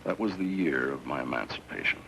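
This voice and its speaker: A troubled, self-mocking accused man, his voice deep and gravelly. He speaks wryly and haltingly. Clear hiss runs under the old recording. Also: sing-song, pushed and bright, full character voice, rough recording. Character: troubled, wry male defendant, self-conscious. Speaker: defendant. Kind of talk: 1960s TV courtroom drama.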